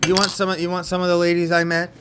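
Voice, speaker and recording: A man's voice: high-pitched, completely flat delivery, quick pace, fairly bright tone, smooth. A young man from California telling a story in a casual vlog monologue, rambling, with lots of fillers and restarts. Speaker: vlogger.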